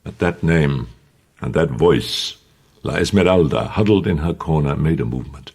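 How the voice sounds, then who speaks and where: A man narrating an audiobook in an expressive, dramatic way. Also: extremely low pitch, normal speed, vocal fry, slightly rough.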